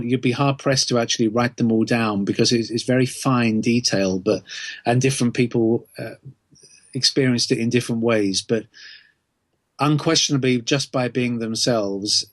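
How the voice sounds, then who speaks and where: A middle-aged Englishman speaks as a guest author on a podcast, choosing his words with care and pausing often on ums. His pitch sits mid-range for a man. The recording is close and dry, with little room sound. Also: no room sound. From England. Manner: thoughtful, measured, with many ums. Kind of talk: podcast interview answers.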